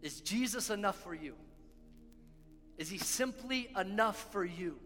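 A man's voice: sits high, lively intonation, a little slow, a bit bright. A man preaching a sermon as pastor, earnest and repeating key lines for emphasis. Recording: long hall reverb with faint music.

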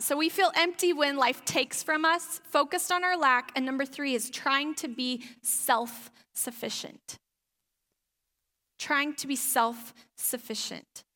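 A woman's voice: high-pitched, sharp tone. A woman pastor giving a conversational sermon, reading scripture and acting out little asides. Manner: conversational preaching with acted asides. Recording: long hall reverb.

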